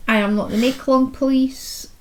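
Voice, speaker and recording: A woman's voice: high voice, fairly even intonation, normal speed. A woman co-hosting a podcast, reading show notes in casual chat with a dry, joking manner. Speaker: podcast co-host.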